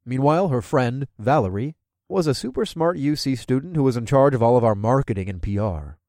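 A man's voice: medium pitch, animated, a little fast, a little mellow, dry recording, clean studio sound. A man reading a first-person story aloud in a casual, chuckling manner. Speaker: audiobook narrator. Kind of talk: first-person audiobook narration.

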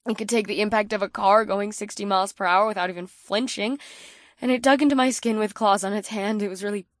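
A woman's voice: medium pitch, fairly even intonation, quick pace, no echo, clean studio sound, natural voice. A woman voicing a blunt, outspoken young student who sounds shaken. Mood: rattled.

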